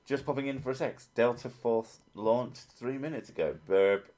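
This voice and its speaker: A man's voice: medium pitch, moderate pace, a little mellow. A man hosting a casual livestream, reading out chat and joking with a lot of swearing. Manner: profane, joking, easily sidetracked.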